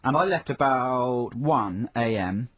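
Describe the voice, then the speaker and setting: A man's voice: mid-range voice, animated, takes it slowly, a bit bright, slight background noise. A man with an English accent, co-hosting a radio show and teasing his partner in casual banter in a studio.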